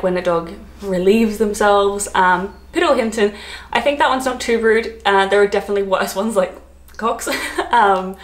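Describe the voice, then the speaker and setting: A woman with an Australian accent chatting to camera as a travel vlogger, giggly and full of "like" fillers. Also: mid-range voice. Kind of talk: casual chat to camera. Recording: roomy echo.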